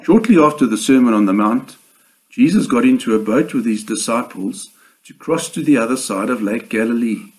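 A man delivering a sermon in a measured, earnest way, with slow emphatic pauses. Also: medium pitch, lively intonation, poor audio. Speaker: preacher.

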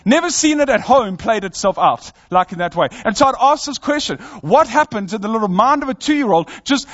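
A man's voice: extremely high pitch, lively intonation, fairly quick, hardly any pauses, fairly bright tone, dull audio. A man in his thirties, a pastor giving an earnest, conversational sermon and telling a family story. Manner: earnest, conversational preaching with personal stories.

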